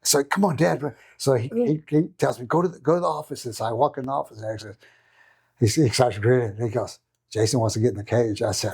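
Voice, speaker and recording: A middle-aged man, a martial arts coach and podcast guest, telling a story in an animated way and acting out what others said. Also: medium pitch, fast talker, creaky, breathy edge. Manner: animated, acts out quoted voices, repeats himself. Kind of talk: casual storytelling.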